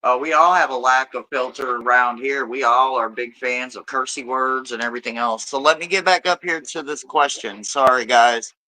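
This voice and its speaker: A man's voice: medium pitch, fairly even intonation, moderate pace, few pauses, sharp tone, rough recording. A man hosting a live tarot stream, chatting casually and loosely with viewers, swearing freely and rambling between readings.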